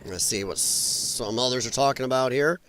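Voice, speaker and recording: A man's voice: medium pitch, normal speed, a bit bright, slight background noise. Blunt, profane male stream commentator. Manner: rambling with restarts. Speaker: livestream commentator. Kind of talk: live political commentary over protest streams.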